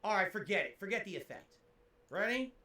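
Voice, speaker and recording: A man's voice: high-pitched, sing-song, brisk, echoey room, very noisy. A man livestreaming and reading out tips in a goofy, over-the-top, theatrical manner. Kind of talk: livestream chat.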